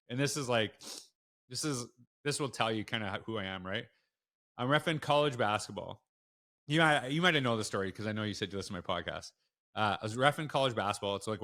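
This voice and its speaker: A man's voice: on the low side, bright, forceful tone. A man being interviewed as a school leader, telling stories frankly and emphatically in a conversational way. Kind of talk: conversational storytelling.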